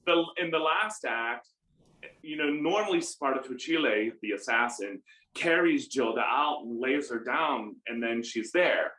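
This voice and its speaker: A middle-aged American man, an opera baritone, telling animated stories with self-deprecating humor in a conversational interview. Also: unhurried. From United States. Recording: roomy room echo.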